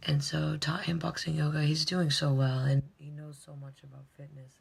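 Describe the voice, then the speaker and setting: Low gravelly woman rambling casually. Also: little pitch movement, normal speed, low-quality recording. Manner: rambling, casual, swearing, often drops to a whisper. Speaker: vlogger and fitness instructor. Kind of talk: casual daily recap vlog.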